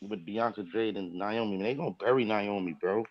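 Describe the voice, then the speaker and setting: A man's voice: on the low side, a little fast. A man co-hosting a casual wrestling chat with blunt, slangy banter. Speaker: podcast co-host. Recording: slightly dull sound.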